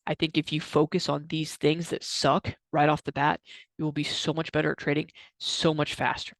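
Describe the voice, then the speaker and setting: A young adult man giving an energetic motivational talk to camera, repeating himself and using lots of fillers. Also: fairly high pitch, moderate pace, vocal fry, no echo. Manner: energetic, repetitive, filler-heavy. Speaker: trading coach vlogger.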